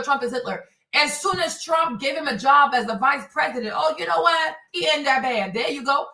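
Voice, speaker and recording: A woman's voice: high voice, bright, forceful tone, far from the mic. A woman hosting her own show, delivering an emphatic, sarcastic commentary rant that keeps repeating itself, recorded somewhat off-mic in an echoey room. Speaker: show host. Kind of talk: uncensored political commentary rant.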